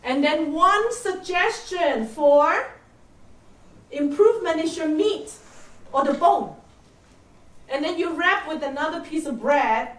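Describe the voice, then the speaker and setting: An older woman leads a soft-skills seminar in a high, light voice, checking in with the room through constant questions. She is heard from a distance in an echoey room. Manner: coaching, peppers with "right?" and questions to the audience. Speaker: workshop speaker.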